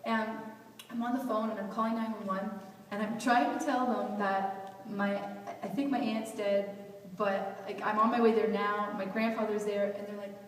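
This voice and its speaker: A woman's voice: mid-range voice, steady tone, normal speed. A young woman telling a personal story at a youth event, in a candid, rambling way full of "like" and restarts. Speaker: motivational speaker. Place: large hall at a youth event. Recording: echoey hall, distant mic, faint hiss.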